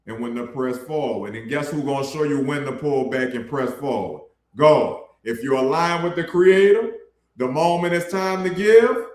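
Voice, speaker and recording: A man's voice: mid-range voice, roomy sound. A man preaching a blunt, colloquial sermon for his online ministry, calling his listeners bro. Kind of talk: casual street sermon.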